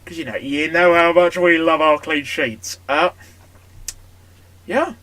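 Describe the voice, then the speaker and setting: A man giving casual, chatty commentary over a football management game. He bursts into excited shouting at big moments. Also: on the high side, slow pace. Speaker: gaming YouTuber.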